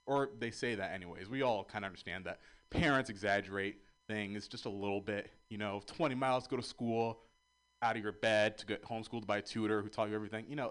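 A man performing a stand-up set, telling self-deprecating stories and slipping into voices. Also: mid-range voice. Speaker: stand-up comedian.

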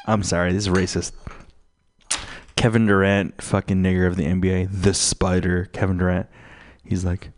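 A man's voice: deep voice, level tone, normal speed, dry recording, clean studio sound. A man hosting a radio show, ranting in a profane, rambling, mocking way full of fillers. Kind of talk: crude rambling radio rant.

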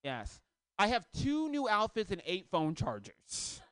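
A man in his thirties doing a loose stand-up set on a club stage, with shouted punchlines. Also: high voice, wildly swooping pitch, measured pace, smooth, no room sound. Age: 30s. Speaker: stand-up comedian.

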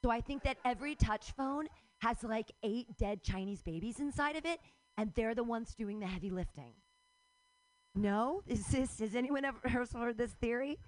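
Stand-up: middle-aged woman, rambling, fairly high voice, dry close sound. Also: moderate pace, no room sound. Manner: rambling, jumps into loud outbursts, laughs at her own jokes. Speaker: stand-up comedian. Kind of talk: stand-up comedy set. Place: live comedy show.

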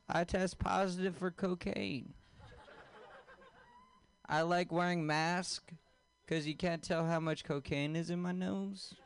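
A man doing a stand-up comedy set, deadpan and crude, often quizzing the crowd. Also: fairly high pitch, clean tone. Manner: deadpan, crowd-work questions, crude jokes.

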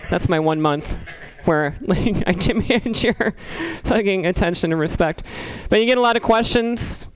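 A woman doing a stand-up comedy set, rambling and halting, with crude asides delivered deadpan. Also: on the low side, rough recording.

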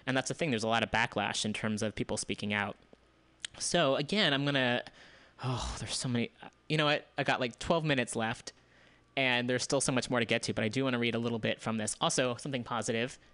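A man's voice: medium pitch, a little fast, fairly bright tone, dry recording. A man hosting a community radio show, running through news items in a loose, casual way, with asides and restarts. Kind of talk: casual news roundup and commentary.

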